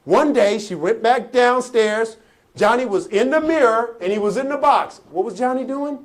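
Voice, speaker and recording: A man with a high voice delivers a motivational speech in a preacherly cadence. He tells his story in a call-and-response style and swells to shouts at its peaks. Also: animated, normal speed. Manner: builds to shouting. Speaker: motivational speaker.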